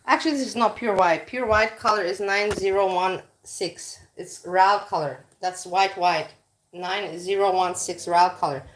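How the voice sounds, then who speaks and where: A woman's voice: medium pitch, a little slow, a little hiss or hum. Blunt, swearing woman vlogger. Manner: blunt, profane, rambling. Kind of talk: casual rambling chat. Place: home kitchen while cooking.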